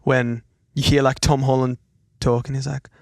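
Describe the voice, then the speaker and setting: A man's voice: mid-range voice, moderate pace, gravelly, no echo, studio quality. A man with an Australian accent, chatting casually as a guest songwriter, with lots of fillers. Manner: relaxed, filler-heavy speech. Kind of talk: casual chat.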